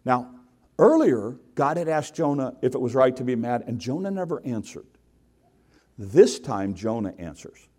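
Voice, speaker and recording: A male pastor delivering a sermon in a church, talking to his congregation as if chatting with them. His pitch swings freely up and down as he tells the story and keeps putting questions to the room. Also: big pitch swings, normal speed, mellow. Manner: conversational, asks the congregation questions. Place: church sanctuary.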